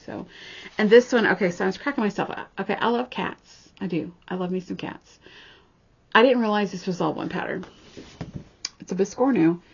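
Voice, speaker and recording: A chatty woman vlogger who gushes over her craft finds and drops snarky asides. Her voice is gravelly and husky. The sound is a bit dull and lo-fi, like a home camera mic. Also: medium pitch, normal speed, long pauses. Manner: chatty, gushing, snarky asides, frequent restarts. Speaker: cross-stitch vlogger. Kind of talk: casual show-and-tell chat.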